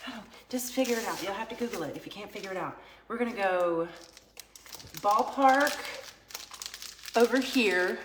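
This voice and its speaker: A woman's voice: mid-range voice, lively intonation, normal speed, long pauses, echoey room, background noise. A woman vlogging a casual product test, chatty and rambling, joking aside to her viewers. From United States. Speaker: vlogger product testing a vintage cooker.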